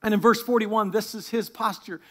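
A man's voice: sits high, steady tone, moderate pace, bright, forceful tone. A man serving as lead pastor, praying and then preaching a sermon in church with an emphatic delivery that builds as he goes. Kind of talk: sermon with opening prayer.

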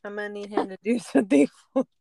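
A woman's voice: mid-range voice, fast, gravelly, mellow, no echo. A woman co-hosting a podcast in casual chat, telling a story with laughs and whispered asides. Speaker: podcast co-host.

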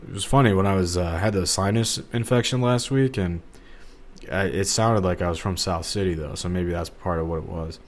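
On his solo podcast, a young St. Louis–area man rambles casually in a low voice, talking fairly quickly. His speech is full of fillers and restarts, and the recording carries a little hiss or hum.

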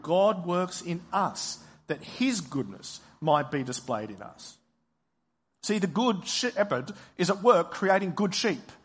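A man delivers a sermon at an unhurried, measured pace, stretching out pauses for weight. His voice sits a little high for a man. The sound carries a long reverb, as if in a church hall. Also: breathy edge. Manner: slow, deliberate preaching with dramatic pauses. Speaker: pastor.

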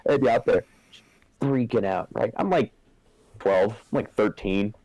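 A man's voice: lowish voice, unhurried, warm tone, no room sound, rough recording. A man in his twenties in casual chat, ranting and swearing in a laid-back way.

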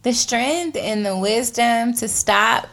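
A woman's voice: fairly high pitch, slow pace, gravelly, fairly bright tone. A woman co-hosting a faith podcast, chatting casually and often asking "you know what I mean.". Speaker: podcast co-host.

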